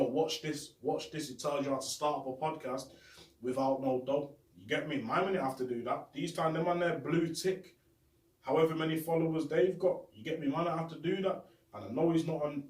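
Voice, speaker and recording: A man's voice: fairly high pitch, a little mellow. Young man, roomy distant phone audio. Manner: street slang, repetitive, heartfelt. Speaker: show host. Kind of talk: casual shout-out monologue. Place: bedroom. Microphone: phone camera.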